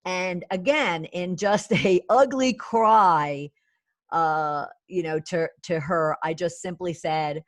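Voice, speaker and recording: Low-voiced woman telling her story. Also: takes it slowly, no echo, clean studio sound. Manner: earnest, many "you know" fillers. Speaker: business coach and author. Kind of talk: personal storytelling.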